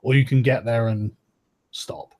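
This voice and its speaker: A man's voice: mid-range voice, fairly even intonation, unhurried, darkish tone. A man narrating as game master in a casual tabletop session, swearing freely.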